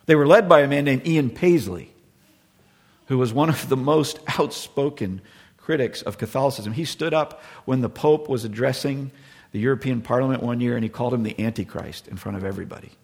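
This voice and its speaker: Gravelly middle-aged preacher. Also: male voice, mid-range voice, fairly quick, big-room sound. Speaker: pastor. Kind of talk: sermon.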